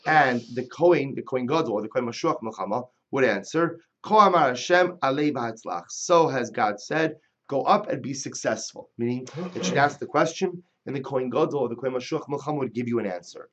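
A man's voice: medium pitch, expressive, brisk, a bit bright, dull audio. A man teaching a Talmud lesson, reading the Hebrew and Aramaic text aloud and then explaining it in plain English. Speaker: Torah teacher. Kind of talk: Talmud class lecture.

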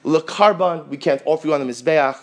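A man's voice: on the high side, brisk, close to an everyday voice. A man playing a blunt, dismissive old patriarch. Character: stern older man dismissing the raven.

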